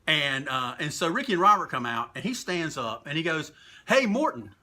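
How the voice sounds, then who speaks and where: An older man from North Carolina telling animated wrestling stories in a casual livestream chat, acting out quotes with plenty of cursing. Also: a little high, fairly quick. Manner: animated raconteur, acts out quotes with profanity. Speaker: guest, comic book shop owner and wrestling author.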